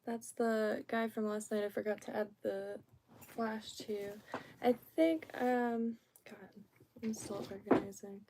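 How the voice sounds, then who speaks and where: Slow, soft-spoken woman streamer, mellow voice. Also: mid-range voice, steady tone, a little hiss or hum. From Florida. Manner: rambling, soft-spoken, trails off and restarts. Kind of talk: casual live-stream chat.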